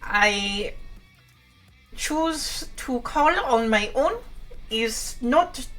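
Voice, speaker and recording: A woman putting on a halting foreign woman leader. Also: a little high, expressive, fairly bright tone, soft background music, exaggerated voice, poor audio. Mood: apologetic. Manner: heavy hard-to-understand accent, clipped broken phrases.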